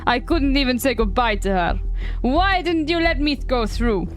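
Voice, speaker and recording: A woman's voice: high voice, expressive, normal speed, faint music behind. Grieving border traveler, a woman hamming it up. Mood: reproachful. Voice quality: put-on foreign accent. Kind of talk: reading game dialogue aloud on stream.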